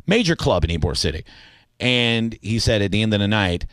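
A middle-aged man hosting a radio talk show, chatting in a playful, animated way with slangy banter. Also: on the low side, brisk, no echo.

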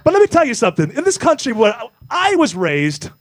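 A man, hosting a talk show and telling animated, self-mocking stories. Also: very high voice, fairly quick. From Memphis, US South. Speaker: radio show host. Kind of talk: casual talk show banter.

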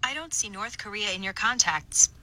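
A woman's voice: mid-range voice, normal speed, close to an everyday voice, poor audio. A synthetic woman's voice of a phone voice assistant, answering politely through a phone speaker. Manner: polite, even synthetic phrasing.

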